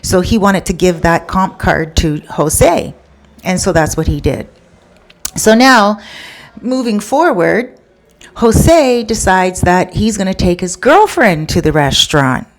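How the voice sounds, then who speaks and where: Low-voiced woman telling a story casually. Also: lively intonation, takes it slowly. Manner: chatty, conversational asides to the listener.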